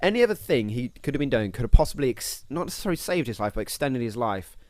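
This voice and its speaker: A man's voice: medium pitch, big pitch swings, fast talker, a little mellow, no room sound. A man co-hosting a podcast, chatting casually in a rambling, jokey way. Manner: rambling, jokey, thinks aloud with fillers. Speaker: podcast co-host.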